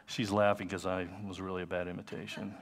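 A man's voice: deep voice, flat delivery, a little fast. A man in his fifties preaching a sermon as pastor, earnest and conversational, with personal asides. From United States. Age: 50s.

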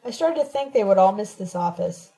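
A woman narrating a novel told in letters, reading in a steady, measured first-person voice. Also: medium pitch, poor audio. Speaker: audiobook reader.

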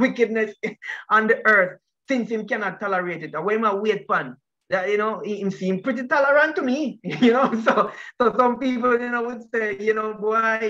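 A man teaching a Bible study as pastor, with a bright, forceful voice that often repeats itself as he puts questions to his listeners. His voice reaches us through dull, lo-fi online call audio. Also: high voice. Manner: repeats words, asks the group questions.

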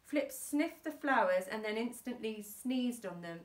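A female teacher reads a children's book aloud, narrating briskly and expressively in a fairly high voice. The recording is echoey, picked up by a distant microphone.

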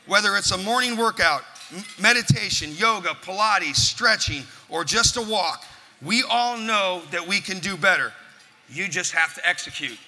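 A motivational speaker with a high, sharp male voice addresses an event at normal speed, telling a punchy story and hammering his points home. The large hall echoes, with a faint murmur of crowd noise.

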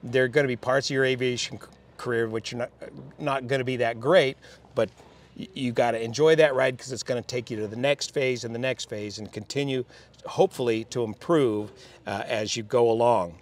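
Older man telling pilot stories, measured. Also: medium pitch, steady tone. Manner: reflective, measured, with restarts. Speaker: interview guest, airline pilot. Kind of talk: relaxed storytelling.

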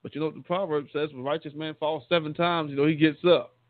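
A man's voice: fairly high pitch, steady tone, fast, no echo. A man, a deacon, giving a conversational sermon, often repeating and restarting words and calling his listeners saints. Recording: tinny phone-line sound, dry.

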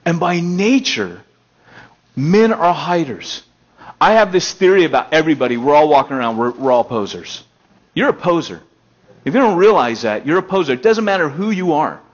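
A man's voice: animated, normal speed. Man preaching a conversational sermon, lo-fi. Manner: conversational preaching, swings from emphatic highs to low quiet stretches. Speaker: pastor. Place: elementary school meeting hall.

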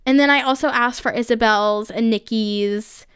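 Chatty and gushing, a young woman talks through her solo podcast, filling it with "like" and "um." Her voice sits a little high and is a bit bright, clear, and resonant, at a moderate pace, recorded in studio quality without room sound.

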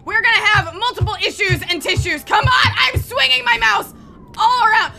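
Excitable high-voiced woman gaming host. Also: fairly quick, gravelly. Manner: excitable, talks to herself, often yells. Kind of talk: let's play commentary. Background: game music.

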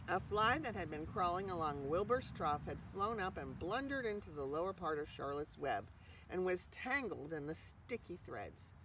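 A storyteller reads a children's book aloud, and the narration rises and falls in a lively way. The voice sits some distance from the mic. A faint layer of background noise runs underneath. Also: mid-range voice, normal speed.

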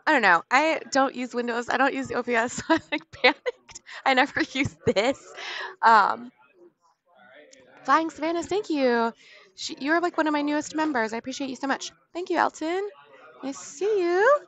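A woman hosting a livestream, bubbly and giggly, thanking viewers in quick bursts. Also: sits high, fairly bright tone. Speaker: livestream host. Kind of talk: casual livestream chat. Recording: muffled lo-fi stream audio.

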